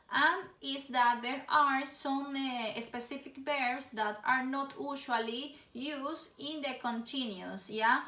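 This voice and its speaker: High bright woman teaching. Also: far from the mic. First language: Spanish. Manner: explains slowly, tags "yeah?" after points. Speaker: English teacher. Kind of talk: online grammar lesson. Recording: echoey room, voice off-mic.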